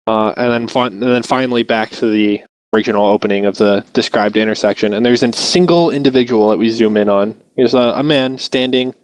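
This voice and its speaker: A man's voice: mid-range voice, a little fast, no echo, poor audio. Man narrating a tabletop game. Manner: loose cinematic scene description with hesitant restarts. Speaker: game master.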